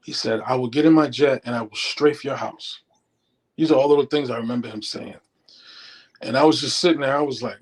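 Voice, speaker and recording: A middle-aged ex-stockbroker shares casual stories as an interview guest, dramatizing people's quotes in an animated way. His medium-pitched voice is husky, and he talks at a normal speed with frequent pauses. The recording is rough.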